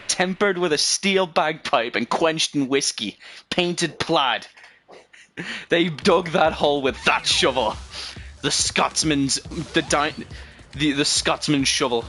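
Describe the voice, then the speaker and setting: A man's voice: on the high side, slow, bright, forceful tone. A man streaming a game, rambling through casual commentary with frequent swearing and self-corrections.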